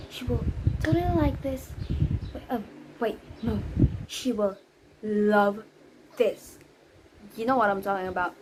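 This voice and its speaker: A woman's voice: medium pitch, a little hiss or hum, lightly acted. A woman playing a flustered nurse in an amateur school play, stammering and correcting herself. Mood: excited. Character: fussy, flustered nanny, middle-aged woman. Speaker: Juliet's nurse in a class play. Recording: echoey room, far from the mic.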